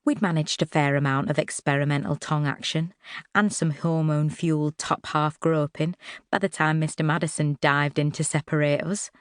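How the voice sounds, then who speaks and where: Low-voiced woman narrating an audiobook. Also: dry recording, studio quality. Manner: expressive, wry storytelling. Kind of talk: first-person novel narration. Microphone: close studio mic.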